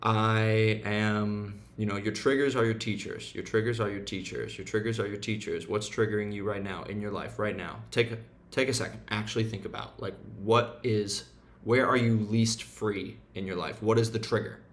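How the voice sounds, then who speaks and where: A young man in a casual motivational rant, blunt and profane, mocking himself and trailing into low mumbled asides. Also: steady tone, moderate pace. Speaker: self-help vlogger.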